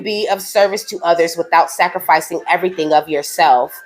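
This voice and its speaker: A woman with a fairly low voice reads oracle cards aloud to her viewers in a relaxed, chatty way. She keeps reassuring them and ends nearly every sentence with a questioning "okay?". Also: a little fast. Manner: affectionate, reassuring, speaks directly to the viewer. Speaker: spiritual card reader. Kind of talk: casual oracle card reading to camera.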